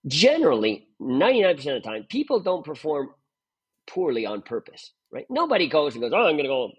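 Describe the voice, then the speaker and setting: A man's voice: on the high side, wildly swooping pitch, fairly quick, husky, no echo, muffled recording. A man speaking as a guest performance mentor, emphatic and full of "right?" tag questions. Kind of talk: animated interview talk.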